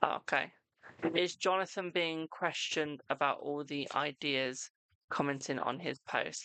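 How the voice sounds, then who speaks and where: A British man hosting a casual live-stream tarot reading, reading viewers' questions aloud and answering them warmly, calling everyone "my darling". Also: on the high side, fairly even intonation, creaky, clean tone, no echo. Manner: affectionate, calls viewers "my darling"; chatty, reads questions aloud and answers quickly.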